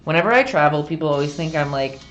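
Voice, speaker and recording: A young Canadian woman with a low, easygoing voice and a light Canadian accent, guiding viewers step by step through a painting. She chats freely, giggles often and answers comments as she works, with faint music behind her. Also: expressive, fast, highs cut off. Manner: chatty, giggly, reads chat aloud. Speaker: painting instructor. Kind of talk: live-streamed painting lesson chat.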